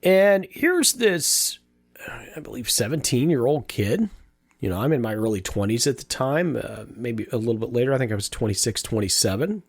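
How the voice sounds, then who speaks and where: A man's voice: mid-range voice, expressive, brisk, darkish tone, breathy edge, no room sound. A man in his fifties, a podcast host telling a personal story in a casual, rambling way, with many restarts and repeated words. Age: 50s.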